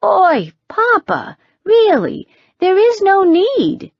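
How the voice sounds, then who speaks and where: Woman narrator as a young woman, high, loud, at her wits' end. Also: huge pitch swings, slow, no room sound, lo-fi sound, full character voice. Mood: exasperated. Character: exasperated tattooed young witch, woman.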